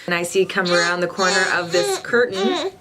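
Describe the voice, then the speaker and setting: A woman's voice: on the low side, big pitch swings, normal speed, a loud crowd. A young woman vlogger and new mother, telling a personal story in a chatty, emotional way with lots of fillers and restarts.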